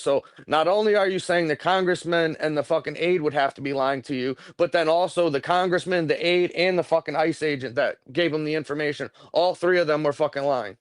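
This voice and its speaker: A man's voice: fairly high pitch, smooth, dry recording. A man co-hosting a live stream in casual chat, heated and profane, often repeating himself.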